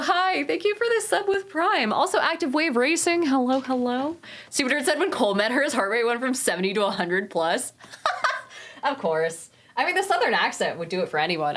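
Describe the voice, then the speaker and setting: A woman's voice: on the high side, very animated, brisk, fairly bright tone. A woman streaming a game, chatting casually with her viewers and swearing freely.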